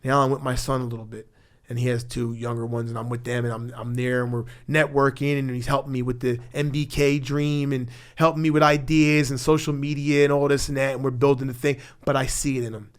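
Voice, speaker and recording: A man's voice: little pitch movement, a little fast. Blunt, profane middle-aged Philadelphia man. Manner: blunt, profane, emotional; grows loud when angry, drops low and quiet when tender. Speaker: podcast guest. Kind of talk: candid storytelling interview. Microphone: studio mic.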